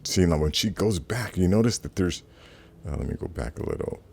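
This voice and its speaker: Very deep-voiced man hosting casual commentary. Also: lively intonation, a little fast, vocal fry, a little mellow, breathy edge. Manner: rambling, with many fillers and restarts. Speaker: channel host.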